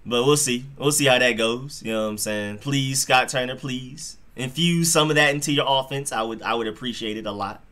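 Excitable man hosting a football stream. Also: mid-range voice, brisk, hardly any pauses. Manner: excitable, talks straight to chat, slangy. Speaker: live stream host. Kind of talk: live football reaction commentary.

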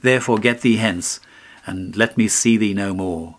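A man's voice: fairly low pitch, fairly even intonation, moderate pace, a bit bright. An actor reading an audiobook, voicing a proud, cruel young boy who speaks in a haughty, scornful way. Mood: bitter.

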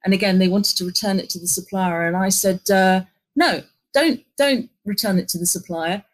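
A middle-aged woman, telling an animated work anecdote in an interview and acting out the lines of the people in it. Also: medium pitch, normal speed, poor audio. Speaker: interview guest, agency executive. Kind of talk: conversational storytelling.

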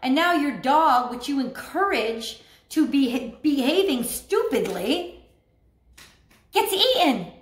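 Animated high-voiced woman reading tarot. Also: slow pace, echoey room. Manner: animated, laughs often, acts out voices. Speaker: tarot reader. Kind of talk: casual spoken tarot reading.

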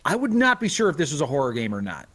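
A lively, animated voice from a gamer commentating on a live stream, musing and analytical. Faint noise sits under the voice. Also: mid-range voice, very fast.

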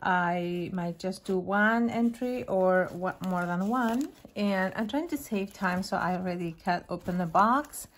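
A woman hosting her own craft channel, casually unboxing a gift and gushing over each item with soft, admiring remarks and frequent fillers. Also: medium pitch, unhurried, hardly any pauses.

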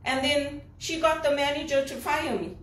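Woman from Zimbabwe, executive assistant, venting emphatically; slightly high voice, picked up from across a room. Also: steady tone, moderate pace, fairly bright tone. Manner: indignant, emphatic complaining. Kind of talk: personal vlog monologue. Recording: roomy, distant from the mic.

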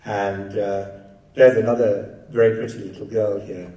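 In an echoey lecture hall, a man gives a keynote, weaving anecdotes into his academic talk with a conversational, lightly humorous manner. His dark, lowish voice holds a steady tone at a measured pace, captured by a mic placed far away.

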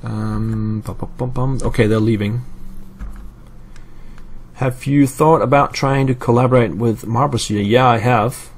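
A man's voice: medium pitch, fairly even intonation, a little slow, long pauses, slight background noise. A man from Europe casually commenting on his gameplay, thinking aloud with fillers and answering live chat. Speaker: let's play host.

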